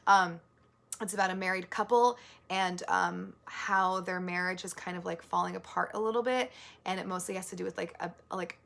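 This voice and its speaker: Casual woman book vlogger, rambling and filler-heavy, bright tone with vocal fry, earnest. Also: fairly low pitch, fairly even intonation, moderate pace. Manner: rambling, filler-heavy, with many likes and ums; earnest and easily moved. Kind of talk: casual monthly book wrap-up.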